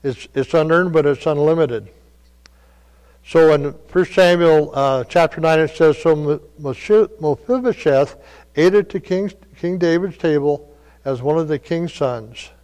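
A man preaching a sermon, telling stories in a folksy way that moves between quiet asides and loud calls. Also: fairly high pitch, measured pace. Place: church. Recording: long reverb of a church hall.

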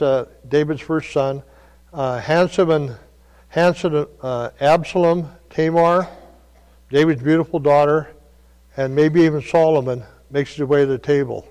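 Male preacher, fairly high voice, folksy storyteller, church hall reverb. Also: a little slow, smooth. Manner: folksy storytelling, shifts between soft asides and loud calls. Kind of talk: sermon.

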